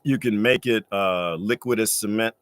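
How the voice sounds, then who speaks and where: A man's voice: lowish voice, moderate pace, clean tone, no echo. A man hosting a casual livestream from his off-grid home, rambling through viewer comments with joking asides. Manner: loose, digressive, says y'all, joking asides. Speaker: livestream host answering chat. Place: off-grid desert home, indoors.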